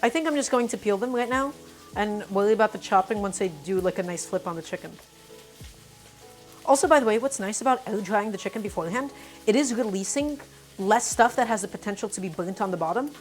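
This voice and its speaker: A woman's voice: mid-range voice, lively intonation, brisk. A woman hosting a casual cooking live stream, talking through each step and greeting her viewers by name. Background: faint music and sizzling pan.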